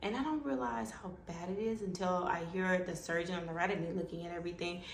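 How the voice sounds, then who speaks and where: A woman vlogger telling a personal story in a lively way, acting out what others said. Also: lowish voice, fast talker, creaky. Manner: animated, acts out quoted dialogue. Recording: echoey room with faint background noise.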